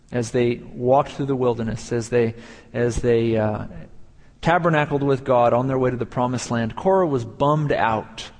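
A man's voice: medium pitch, big-room sound. A man preaching a sermon as pastor, building emphasis through repeated phrases.

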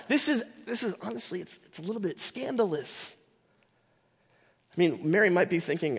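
A man teaching a Bible class, talking in an animated, emphatic way with many fillers and restarts. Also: high voice, normal speed, vocal fry, long pauses, breathy edge, in a large hall.

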